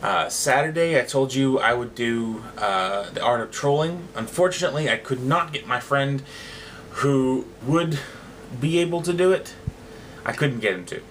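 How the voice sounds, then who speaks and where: A man's voice: medium pitch, animated, moderate pace, a bit bright, slight background noise. A man talking casually to his viewers in a vlog, chatty and slightly hesitant. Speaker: vlogger.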